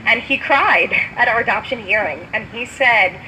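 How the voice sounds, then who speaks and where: A woman in her thirties tells her recovery story in a heartfelt, conversational way, leaning on fillers as she goes. Her voice sits a little high for a woman. Clear background noise and passing traffic run under the outdoor recording. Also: normal speed, few pauses, sharp tone, poor audio. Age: 30s. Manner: heartfelt, conversational, full of "you know" fillers. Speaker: speaker sharing a recovery story. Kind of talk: personal testimony speech. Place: outdoor community event.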